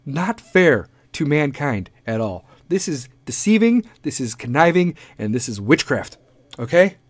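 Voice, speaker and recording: A man's voice: medium pitch, dry recording. A man hosting a podcast, delivering a profane, rambling comedic rant. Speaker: podcast host.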